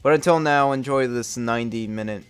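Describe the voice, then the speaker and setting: A man's voice: mid-range voice, a little fast, smooth, no room sound, faint music behind. A young man reviewing his own old video game reviews in a candid, self-critical, casual way, swearing often. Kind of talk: casual retrospective commentary.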